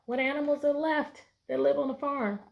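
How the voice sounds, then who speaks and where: A woman teacher reading a picture book aloud to children, often stopping to ask questions and giving the narration bright storybook emphasis. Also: high-pitched, fairly even intonation, normal speed, gravelly, muffled recording.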